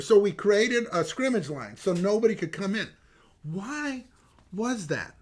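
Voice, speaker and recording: An older man, a retired detective, telling stories in an interview. He is animated, laughs often and stops to restart with many fillers. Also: high-pitched, a little slow. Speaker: retired homicide detective, guest. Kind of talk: animated anecdotal storytelling.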